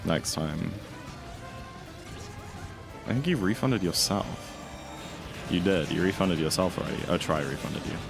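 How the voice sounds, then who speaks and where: A young British man chatting casually while streaming a speedrun, rambling with sudden excited outbursts. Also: low-pitched, measured pace, creaky, long pauses, music in the background. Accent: British English. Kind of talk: casual livestream chat.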